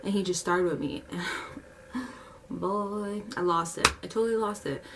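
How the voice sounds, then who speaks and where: A woman's voice: mid-range voice, recorded from a distance, very noisy. Young woman telling a slangy story. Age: young adult. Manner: animated, slangy, fast retelling. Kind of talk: casual story time.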